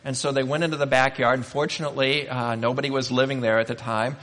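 A man's voice: mid-range voice, flat delivery, quick pace, a bit bright, in a large hall. A male pastor preaching a sermon, telling stories in a conversational way and asking the congregation rhetorical questions.

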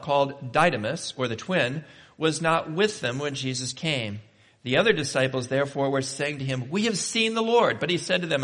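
Male preacher, middle pitch, reads scripture and riffs on it, conversational sermon with rhetorical questions. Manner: conversational and animated, shifting between slow emphatic and quick asides.

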